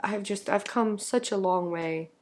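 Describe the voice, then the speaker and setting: A young woman, a singer, talking casually to her camera while her voice is hoarse and lowered from laryngitis; earnest and reflective, laughing lightly between thoughts. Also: unhurried. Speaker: singer and content creator.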